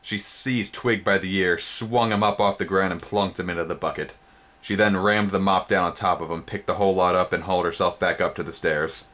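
Deep-voiced man reading a storybook dramatically. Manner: theatrical, sudden pitch jumps on exciting words; pauses to show the book's pictures. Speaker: storybook reader.

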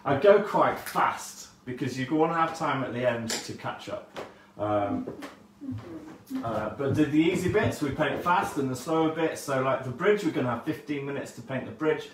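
A man's voice: medium pitch, moderate pace. A man hosting a casual live painting lesson, chatty and jokey, giving instructions while he paints. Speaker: painting class host. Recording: echoey room, mic far off, faint noise.

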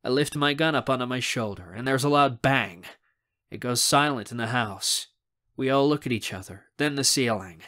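A man narrating a young adult audiobook in the first person, with a bright, forceful tone. He reads expressively and shapes each scene. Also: mid-range voice, moderate pace.

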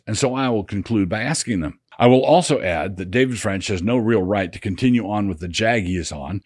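Dry, husky older man reading sardonically. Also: fairly low pitch, dry recording. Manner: sardonic, measured, drops voice for quotes. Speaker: pastor and blogger. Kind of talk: reading an essay aloud.

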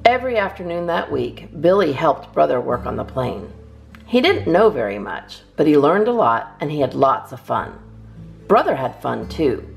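A woman reads a children's storybook aloud in a low, gravelly voice. Her reading is lively and rises and falls expressively, with faint guitar music in the background. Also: moderate pace. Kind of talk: children's read-aloud narration.

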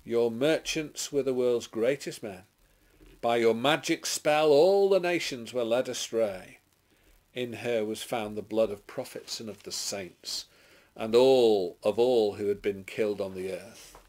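An English man, a clergyman, reading scripture dramatically and then preaching a short sermon, declaiming loudly and rising on exclamations. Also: medium pitch, measured pace. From England. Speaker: clergyman giving a short Bible reflection.

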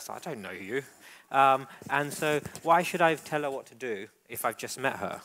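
A man's voice: medium pitch, animated, a little fast, fairly bright tone. Encouraging man coaching a dog demonstration. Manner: encouraging, coaching with frequent praise. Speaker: dog trainer. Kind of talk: live training demonstration.

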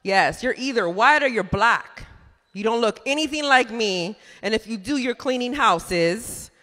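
Bright-voiced woman doing stand-up. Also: fairly high pitch, a little slow. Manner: chatty, animated, laughs at her own jokes. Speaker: stand-up comedian. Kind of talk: stand-up comedy set. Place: comedy club stage. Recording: reverberant club room.

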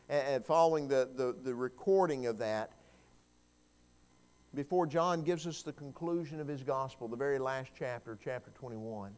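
A man preaching a sermon in a church, telling a Bible story and swinging from quiet passages to loud cries, often repeating words as he starts a phrase. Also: fairly high pitch, smooth.

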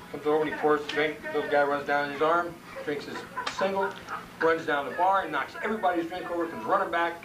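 A man casually telling jokes at a party, drawling and acting out the characters. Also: on the high side. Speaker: joke teller. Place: bar or party room. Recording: far-off camcorder mic with crowd chatter.

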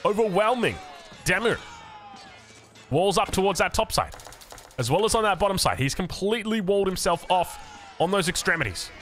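Australian male game caster, bright and animated, chatty play-by-play. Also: high voice, normal speed, pauses often, faint music behind. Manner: chatty, self-mocking asides. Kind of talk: esports commentary.

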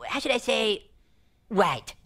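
A woman's voice: fairly high pitch, very animated, slow, fairly bright tone, exaggerated voice. A woman voicing a condescending media coach in a cartoon, who speaks in a hesitant, patronizing way. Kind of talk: cartoon voice acting.

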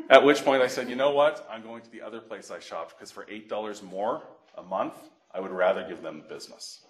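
A middle-aged man from Canada, a financial educator giving a workshop, telling animated stories and acting out phone calls. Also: on the low side, moderate pace. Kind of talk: workshop presentation with anecdotes. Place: library meeting room. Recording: echoey room.

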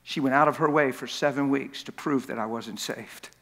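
A man's voice: medium pitch, fairly even intonation, normal speed, gravelly, a bit bright. A man preaching a sermon in a large church, telling his story in an impassioned, confessional way. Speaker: guest preacher. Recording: long church reverb.

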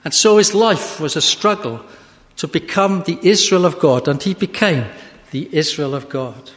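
A man preaching a sermon, slow and measured, rising to a fervent pitch at his climaxes. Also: a bit bright. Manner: slow and measured, with long pauses. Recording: hall reverb.

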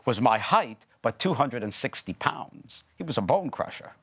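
An older man chatting away as a television interview guest, his pitch rising and falling in a lively, animated way. He rambles a little and restarts his sentences, telling stories in an easy, middle-pitched voice. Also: normal speed, slightly rough. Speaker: actor and former opera singer, guest. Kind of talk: TV interview conversation.

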